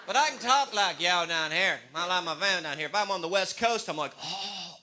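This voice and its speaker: A man from the American Midwest doing stand-up comedy, playfully jumping into loud, goofy voices. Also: sits high, expressive, fast, slight background noise.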